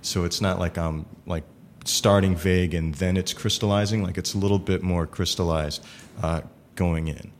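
A man chatting casually about improv, talking haltingly with many fillers and restarts. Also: deep voice, fairly even intonation, a little hiss or hum. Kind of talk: casual chat.

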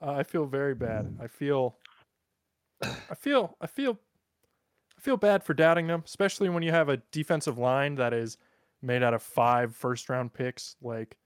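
A man's voice: mid-range voice, clear, resonant tone, dry recording, studio quality. A man co-hosting a podcast in casual chat, joking crudely and mocking himself. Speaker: podcast co-host. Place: in Europe.

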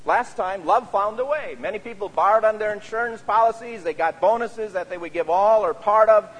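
A pastor delivers a sermon in a reverberant church sanctuary, his high-pitched voice brisk and fairly bright. He speaks earnestly, frequently tossing in "you see" as he drives home each point.

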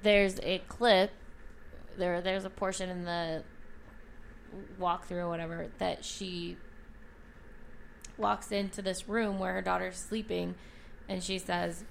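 A woman's voice: lowish voice, little pitch movement, slow pace, creaky, pauses often, a little hiss or hum. Gossipy woman sharing celebrity news. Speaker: podcast co-host. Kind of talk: casual chat.

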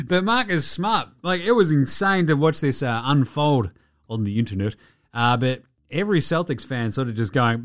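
An Australian man hosting a casual sports podcast, blunt and excitable and swearing freely as he runs through the night's games. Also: a little high, moderate pace. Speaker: podcast host.

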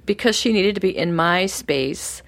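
Lively middle-aged woman telling a story. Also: fairly low pitch, normal speed. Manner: animated, acts out voices in her stories. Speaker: podcast co-host. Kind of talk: storytelling in casual chat.

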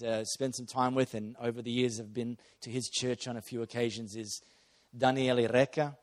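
A man's voice: mid-range voice, steady tone, normal speed, darkish tone. A man speaking as a pastor to his congregation, in a sermon-style talk with playful asides and frequent restarts. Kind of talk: sermon introducing a guest.

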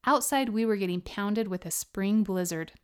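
A woman's voice: mid-range voice, moderate pace, clear, resonant tone. A woman podcast host narrating her own memoir chapter in an earnest storytelling way, then signing off.

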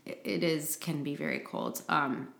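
A woman co-hosting a casual chat, relaxed and agreeable, often trailing off softly. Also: deep voice, a little slow, vocal fry. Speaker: podcast co-host. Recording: roomy echo.

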